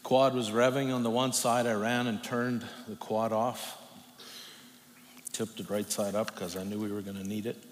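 A middle-aged man preaching a personal testimony, telling it in a halting, emotional way with long pauses. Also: on the low side, level tone. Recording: long reverb from a hall, faint noise.

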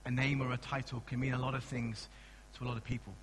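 A young man, a pastor giving a conversational sermon with animated asides and frequent restarts. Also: mid-range voice, fast talker, long reverb tail, slight background noise, low-quality recording. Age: young adult.

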